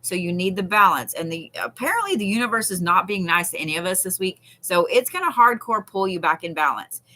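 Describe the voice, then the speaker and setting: Bright-voiced chatty tarot reader. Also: female voice, lowish voice, expressive, fairly quick. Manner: chatty, swears casually, reassuring asides. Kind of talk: live-stream card reading.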